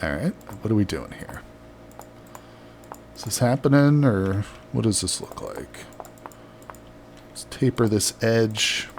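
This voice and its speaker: Low-voiced man streaming a game. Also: very animated, takes it slowly, long pauses, a little hiss or hum. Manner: chatty, reads out chat messages, laughs often. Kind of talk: casual live-stream chat while building.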